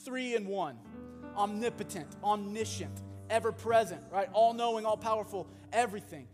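A male pastor preaching a sermon, animated, swinging from loud bursts to hushed asides. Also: high voice, normal speed. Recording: long hall reverb with music behind.

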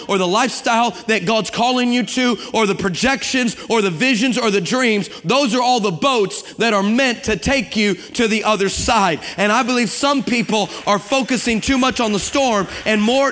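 A man preaching an energetic sermon as a guest pastor, acting out voices and calling out to the congregation. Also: high-pitched. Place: church sanctuary with long reverb. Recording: reverberant church hall.

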